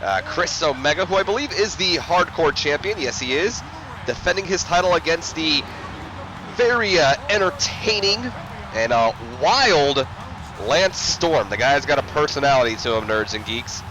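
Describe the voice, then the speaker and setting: A man's voice: on the high side, lively intonation, normal speed, noisy background. A man giving casual video game commentary as a let's play host, rambling and self-mocking with many fillers.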